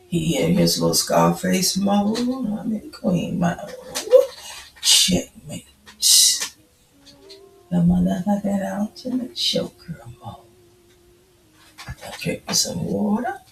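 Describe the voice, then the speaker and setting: A woman's voice: mid-range voice, sing-song, slow, gravelly, pauses often, reverberant, slight background noise, rough recording. A woman in her fifties chatting casually on a livestream, greeting viewers by name. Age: 50s. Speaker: livestream host.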